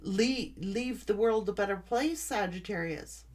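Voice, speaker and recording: A woman's voice: medium pitch, a little slow, a little mellow. A middle-aged woman giving a tarot reading, speaking in an earnest, reassuring way in short, heartfelt phrases. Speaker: tarot reader.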